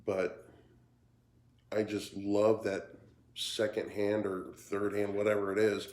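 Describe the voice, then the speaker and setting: A man talking casually in a cigar review vlog, tired and yawning, with a halting way of speaking that repeats words. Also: on the low side, completely flat delivery, darkish tone. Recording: roomy echo.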